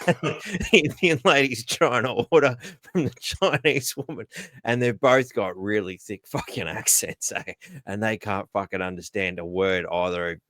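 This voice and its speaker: A man with a bright, forceful tone co-hosts a casual podcast. He tells crude stories and laughs his way through the punchlines. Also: on the low side, measured pace, dry recording. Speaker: podcast co-host. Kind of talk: casual banter. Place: podcast studio.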